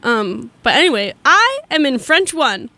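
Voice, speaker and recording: A woman's voice: high-pitched, sing-song, a little slow, pushed and bright, no echo. A young woman co-hosting a casual radio show, playful and self-deprecating, laughing often.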